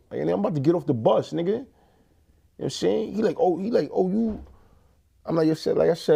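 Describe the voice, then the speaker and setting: Bronx man with a New York accent, low rough voice, rambling casual storyteller, interview guest. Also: fast talker. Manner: rambling, full of fillers and restarts; acts out others' lines in animated voices. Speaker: interview guest, former inmate.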